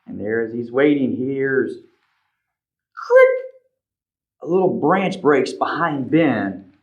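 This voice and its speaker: A man reading a picture book aloud to children as a librarian, animated, pointing out the pictures and asking questions. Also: medium pitch, unhurried. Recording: slightly dull lo-fi recording.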